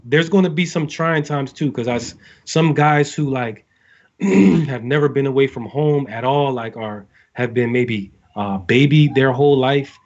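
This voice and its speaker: A man's voice: mid-range voice, a little mellow, highs cut off. A man, a navy sailor, giving casual advice to recruits, talking in a rambling way with many fillers and restarts.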